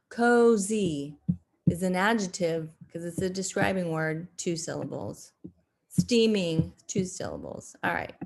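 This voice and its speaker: A woman teaching second graders in a recorded video lesson, speaking deliberately with frequent fillers and restarts. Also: medium pitch, darkish tone, a little hiss or hum. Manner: slow, deliberate, with frequent fillers and self-corrections.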